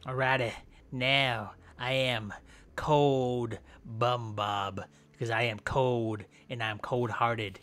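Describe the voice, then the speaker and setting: A man's voice: medium pitch, fairly even intonation, takes it slowly, a bit bright. A man giving casual gameplay commentary with playful, goofy mock trash talk.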